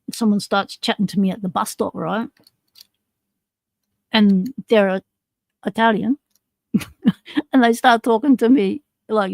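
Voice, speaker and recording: A woman's voice: mid-range voice, a little mellow, dry recording. A woman hosting a casual livestream, chatting in a rambling way and laughing often. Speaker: livestream host.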